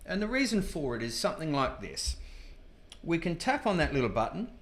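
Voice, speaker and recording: A man casually presenting a software tutorial, chatty and informal with frequent asides. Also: fairly high pitch, sing-song, fairly quick. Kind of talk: casual screen-demo tutorial. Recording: echoey room.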